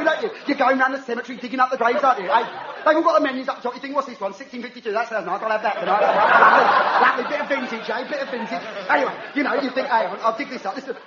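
A man's voice: extremely high pitch, heavy background noise. A man doing a brash, pushy club comic. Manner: brash, repetitive, badgering the crowd. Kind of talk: stand-up routine in a sketch. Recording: echoey, muffled, audience laughter.

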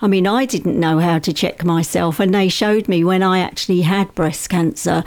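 A woman's voice: lowish voice, fairly even intonation, normal speed, darkish tone. A woman co-hosting a local radio show, chatting casually and laughing often. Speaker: radio co-host.

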